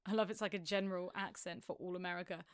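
A woman's voice: lowish voice, fairly even intonation, fast, smooth, no echo, studio quality. A woman co-hosting a podcast in casual chat, giggly and easily flustered. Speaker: podcast co-host.

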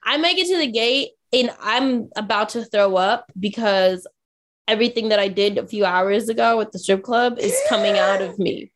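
A woman podcast co-host telling a story in casual chat, animated and acting out what people said. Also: mid-range voice, normal speed. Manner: animated, acts out quotes from others.

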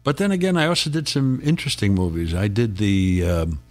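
A man's voice: fairly low pitch, big pitch swings, fairly quick. An older man, a guest actor, reminiscing in a casual interview, rambling through stories and chuckling often.

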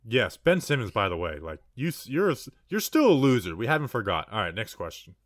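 A man's voice: mid-range voice, huge pitch swings, fairly quick, no echo, clean studio sound. A man co-hosting a football fan show, blunt and joking in casual chat, closing out the episode. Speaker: sports podcast co-host.

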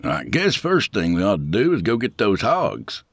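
A cocky, defiant hunter, voiced by a male narrator in a spoken story, his voice lifted above the reader's own and bouncing with lively swings of pitch. He talks with brash confidence. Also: normal speed, creaky, dry recording, exaggerated voice.

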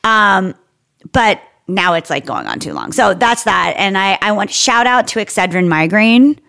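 A woman's voice: mid-range voice, sing-song, unhurried, vocal fry, fairly bright tone. A woman in her thirties co-hosting a podcast, joking bluntly and swearing freely in casual chat. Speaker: podcast co-host.

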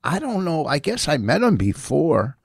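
Man, middle-aged comedian, low and lively voice, excitable, swears, dry close sound. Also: normal speed, creaky, husky, no echo. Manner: excitable, swears freely, jumps between topics. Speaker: comedian and podcast co-host. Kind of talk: casual banter.

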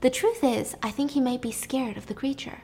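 A woman voicing a scheming, mocking queen who taunts loudly in a high voice. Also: animated, normal speed, exaggerated voice. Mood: condescending. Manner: taunting, loud, high-pitched.

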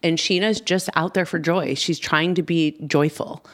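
Low-voiced woman hosting a chatty podcast. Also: steady tone, normal speed, a bit bright. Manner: gushing, emphatic, laughs often. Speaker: podcast host. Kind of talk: casual chat.

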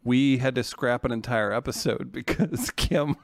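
A man hosting a podcast in casual chat, jokey and full of quick restarts. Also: medium pitch, gravelly. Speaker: podcast host.

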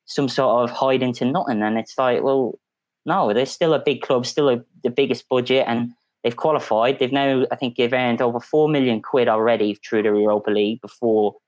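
A man's voice: medium pitch, moderate pace, dry recording, lo-fi sound. A man on a football podcast panel telling a long story in a casual, chatty way with frequent restarts. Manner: storytelling, animated, many restarts.

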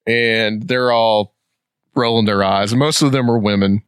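A man's voice: on the low side, steady tone, unhurried, clean tone, no room sound, clean studio sound. A man co-hosting a casual podcast, joking, drifting into tangents and laughing often. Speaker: podcast co-host. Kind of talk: casual chat.

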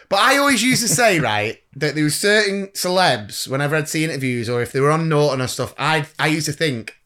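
A middle-aged man co-hosting a podcast, chatting casually in a raised, bright voice. His pitch swings all over as he jokes and teases, and he laughs easily. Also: wildly swooping pitch, a little fast. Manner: jokey, laughs often, teasing. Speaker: podcast co-host. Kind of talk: casual chat.

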